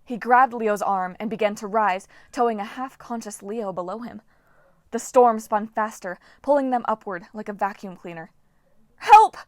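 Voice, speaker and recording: A woman reading a novel aloud as an audiobook narrator, with steady, dramatic storytelling. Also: medium pitch, moderate pace, dry recording, clean studio sound. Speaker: audiobook reader.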